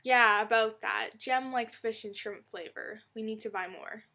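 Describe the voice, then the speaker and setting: A woman's voice: fairly high pitch, measured pace, sharp tone. A woman reading a blog post aloud, voicing a laid-back husband who dotes on a cat in a matter-of-fact tone. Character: easygoing cat-doting husband, adult man.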